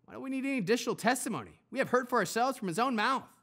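A man voicing a crowd of angry male accusers, shouting in a raised, high voice. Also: expressive, very fast, heavily acted. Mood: shouting, accusing. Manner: loud, shouting, high-pitched.

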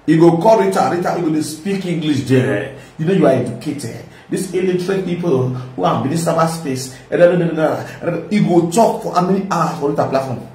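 A man's voice: a little high, animated, fairly quick, hardly any pauses, a little mellow, recorded from a distance. A man with a Nigerian accent giving a mocking, rambling reaction commentary, laughing often. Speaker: social media commentator. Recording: echoey room, voice from off-mic.

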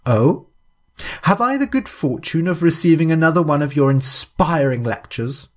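A man reading a chatty, over-polite gentleman. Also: on the high side, animated, normal speed, pitched above the performer's own voice. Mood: cheery. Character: cheery, talkative, fussy English gentleman on holiday. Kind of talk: read-aloud storybook.

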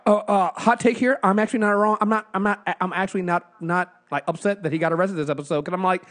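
A man co-hosting a casual review podcast, slangy and animated, laughing often. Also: high-pitched, quick pace. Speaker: podcast co-host.

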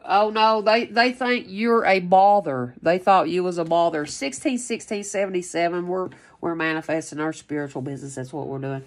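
A woman doing a casual tarot reading, rambling and excitable, repeating phrases and swearing freely. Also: low-pitched. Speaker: tarot reader.

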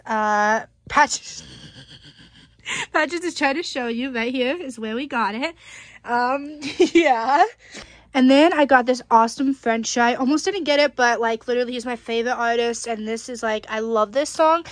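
A woman's voice: a little high, a little slow, dry recording. A young woman vlogging casually, gushing about her night at a concert event with lots of filler words. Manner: bubbly, gushing, many "like" fillers. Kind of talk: casual vlog chat. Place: concert venue, then at home.

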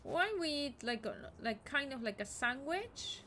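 A woman streaming a video game, chatting excitedly, swearing and talking to the characters on screen. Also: high-pitched, unhurried, a little hiss or hum. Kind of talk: casual game commentary.

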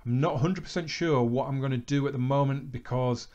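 A man hosting a football management game let's play, calling the action with bursts of excitement, then talking calmly through results. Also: mid-range voice, brisk, dull audio. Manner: excitable match commentary, relaxed recap. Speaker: gaming channel host.

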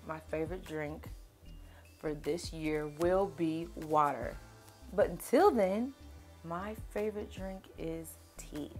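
A young woman with a Southern country accent, chatting casually to camera in a Q&A beauty vlog, devout and animated. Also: low-pitched. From Kentucky, USA. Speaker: beauty vlogger.

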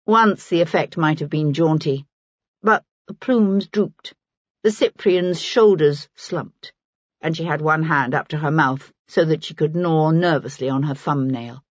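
A woman reading a historical novel aloud as an audiobook narrator, in a measured storytelling manner. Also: deep voice, dry recording, highs cut off. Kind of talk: scripted narration.

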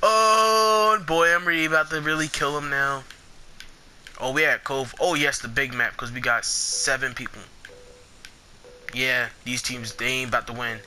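Young male gamer, bright edgy voice, quick to curse, faint keyboard clatter behind. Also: mid-range voice, a little hiss or hum. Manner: excitable, swears a lot, trash-talks opponents. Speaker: gameplay commentator. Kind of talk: casual gameplay commentary.

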